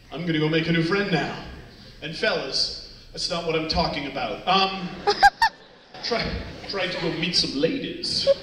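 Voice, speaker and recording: A man's voice: on the high side, heavy background noise. A man in his forties from Canada, giving a playful, jokey talk to students on a stage and acting out little scenes. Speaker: motivational speaker. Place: large hall, on stage. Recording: echoey hall, mic from far off.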